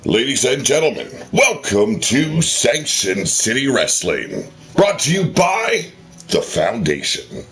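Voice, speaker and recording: A man's voice: mid-range voice, wildly swooping pitch, takes it slowly, a bit bright. A man hosting a wrestling video game show, in a theatrical ring-announcer delivery with swearing asides. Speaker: host of a wrestling game channel.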